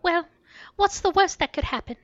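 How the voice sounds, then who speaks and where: A woman's voice: very high voice, animated, normal speed, fairly bright tone, no room sound, dull audio, voice pushed up. A woman voicing a distraught young woman whose voice quivers and breaks into sobs. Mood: tearful distraught.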